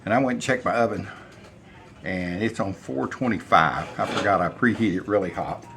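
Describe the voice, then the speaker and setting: A man's voice: deep voice, normal speed, vocal fry, fairly bright tone, slight background noise. An older man, rambling folksy stories as he cooks in his home kitchen. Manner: rambling, folksy storytelling while cooking. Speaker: cooking channel host. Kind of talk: casual cooking vlog chat.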